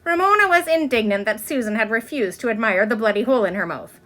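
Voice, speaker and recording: A woman reading a children's chapter book aloud, expressive from line to line. Her voice sits a little high and moves up and down with lively melody. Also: fast. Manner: expressive, with many pitch swings. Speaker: reader.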